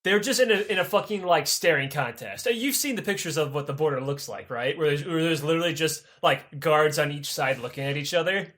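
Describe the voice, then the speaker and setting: A man's voice: fairly high pitch, a little fast, hardly any pauses, fairly bright tone. A man co-hosting a podcast, retelling history in an irreverent, profane and rambling comedic way. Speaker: podcast co-host.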